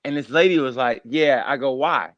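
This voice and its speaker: A man, a stand-up comedian, telling stories in a rambling, animated way during a casual podcast chat. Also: mid-range voice, a little fast, no room sound, highs cut off. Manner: animated, rambling storyteller, acts out voices.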